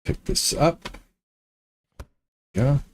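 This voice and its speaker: Slow-talking man muttering through a game. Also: slight background noise. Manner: talks to himself while building, frustrated muttering and repeats. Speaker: gaming streamer. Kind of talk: casual let's-play commentary.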